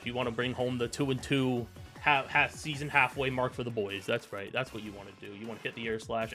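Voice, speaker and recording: Bright-voiced young man narrating his game. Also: mid-range voice, fairly even intonation, quick pace, faint music behind. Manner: mumbly play-by-play with fillers, bursting into loud frustrated yelling. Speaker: gaming YouTuber. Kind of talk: casual battle commentary.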